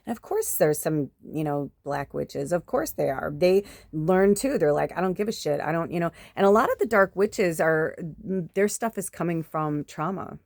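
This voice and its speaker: Chatty, swearing woman medium, low voice. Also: creaky, a little mellow, no room sound. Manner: chatty and emphatic, frequent swearing. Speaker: spiritual medium. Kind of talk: casual rambling monologue.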